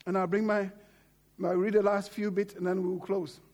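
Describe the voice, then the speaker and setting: A man's voice: high voice, little pitch movement, normal speed, a little mellow. A man preaching a sermon, fervent and exhorting, repeating phrases to drive points home. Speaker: pastor.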